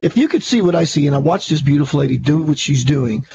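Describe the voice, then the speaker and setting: High-pitched male radio host, enthusiastic and preachy, muffled lo-fi sound. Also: animated, fast, creaky, background noise. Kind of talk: spiritual radio talk.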